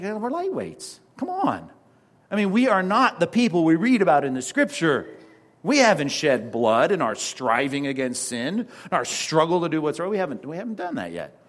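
A man pastor preaching a sermon in an animated, conversational way with sarcastic asides. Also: a little high.

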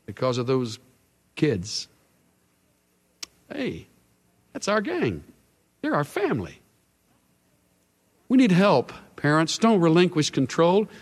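Slow earnest preacher in a reverberant hall. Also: male voice, a little high. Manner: earnest preaching, voice swelling and dropping to a hush. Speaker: pastor. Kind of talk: sermon.

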